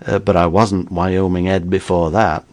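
A man's voice: low-pitched, level tone, normal speed, darkish tone, no echo, natural voice. A man voicing a nervous, talkative escaped convict with an uneasy, slangy way of talking. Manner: uneasy, folksy drawl with slang.

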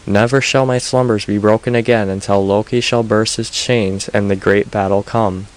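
Male narrator doing a dead seeress, low, slow, moaning and archaic. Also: steady tone, lightly acted, poor audio. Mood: grave. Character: ancient dead female prophetess, mournful. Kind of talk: audiobook reading.

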